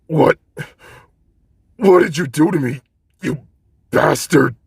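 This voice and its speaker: A raging, yelling teenage hothead. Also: male voice, a little high, unhurried, vocal fry, husky, no room sound, studio quality, voice pushed up, heavily acted. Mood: enraged. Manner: yelling, snarling insults. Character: furious teenage boy hero, explosive hothead.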